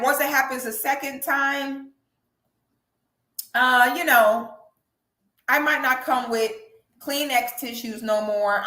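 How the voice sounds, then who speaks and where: Sassy woman commentator, bright voice, echoey room. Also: on the high side. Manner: sassy, animated, breaks into loud laughing shrieks. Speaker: commentary vlogger. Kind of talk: casual reaction commentary.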